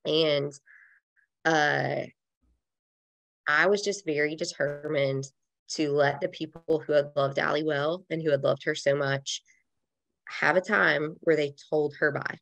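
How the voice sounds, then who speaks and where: Podcast guest: woman, thirties, low gravelly voice, earnest and reflective, close dry mic. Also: fairly even intonation, a little slow, pauses often, fairly bright tone, no room sound. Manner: earnest, reflective, with casual fillers like "like". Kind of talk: heartfelt conversational interview.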